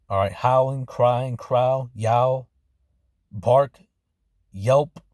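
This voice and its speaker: A man preaching an informal sermon in casual street slang, filling his talk with "man" and "okay", and slowing down to read scripture loudly. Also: medium pitch, fairly even intonation, no echo, clean studio sound. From Arizona, United States. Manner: reads scripture slowly and loudly.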